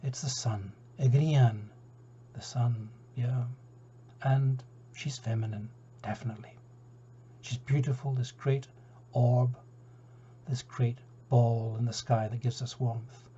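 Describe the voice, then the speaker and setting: A man's voice: mid-range voice, little pitch movement, slow, warm tone, slight background noise. A Scottish man telling a folk tale aloud in a chatty way, with asides to his listeners. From Scotland. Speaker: storyteller. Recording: dull lo-fi recording.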